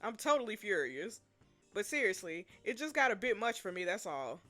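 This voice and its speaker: A woman reading the lines of a brooding bad-boy young man in a story game, quiet, wry and reflective. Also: mid-range voice, big pitch swings, moderate pace, faint music behind. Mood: low-key.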